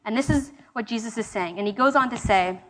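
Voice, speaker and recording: Young woman, Bible study leader, casual sermon, slightly high voice, chatty with fillers and restarts. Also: fairly quick, fairly bright tone.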